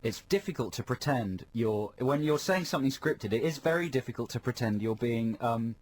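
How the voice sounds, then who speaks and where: A man co-hosting a radio show, chatty and explanatory, quick to laugh. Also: medium pitch, expressive. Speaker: radio co-host. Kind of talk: casual radio chat. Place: radio studio. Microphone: studio microphone.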